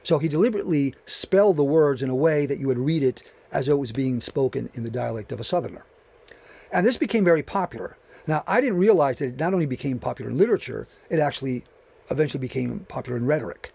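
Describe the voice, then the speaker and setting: A man's voice: mid-range voice, lively intonation, fast talker, creaky, darkish tone, breathy edge. A man giving a history lecture, reading passages aloud and breaking off for conversational asides. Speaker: channel host.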